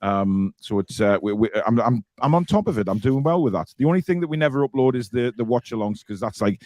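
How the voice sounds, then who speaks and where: A man's voice: mid-range voice, animated, fast, warm tone, no echo. A man hosting a casual live fan show, reading out viewer comments and teasing his co-hosts. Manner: teasing, jokey, reads comments aloud.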